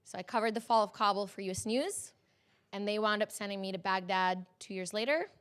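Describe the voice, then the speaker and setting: Brief: woman, thirties, journalist, lively on-camera storyteller with a mid-range voice who laughs easily. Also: medium pitch, fairly quick, smooth. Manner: animated, laughs often, acts out quoted people.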